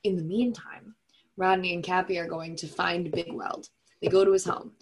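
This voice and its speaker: Breathy woman chatting through a movie recap. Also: lowish voice, little pitch movement, moderate pace. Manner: chatty, jokey, lots of "like" and fillers.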